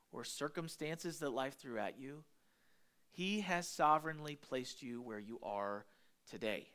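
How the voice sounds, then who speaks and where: A male pastor preaching a sermon in an animated, conversational way, with emphatic asides to the congregation. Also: fairly high pitch.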